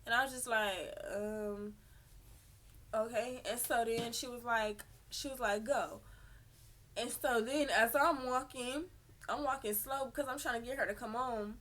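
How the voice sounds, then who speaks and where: Young woman, slightly high and bright, storytime vlogger who acts out every quote. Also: normal speed. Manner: animated, profane, acts out quotes. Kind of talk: storytime vlog.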